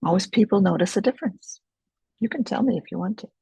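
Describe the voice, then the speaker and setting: A woman, leading a self-help webinar in a slow, gentle, reflective way over a video call. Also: medium pitch, vocal fry, husky, no echo, rough recording. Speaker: webinar teacher.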